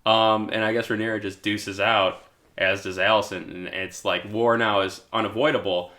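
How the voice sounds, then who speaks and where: A man with a fairly low voice co-hosting a podcast. He recaps a TV episode in loose, casual chat and cracks jokes along the way. Now and then he tosses in quick acted-out asides. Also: fairly even intonation, pushed and bright. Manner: joking, acts out characters' lines in quick asides. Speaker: podcast co-host.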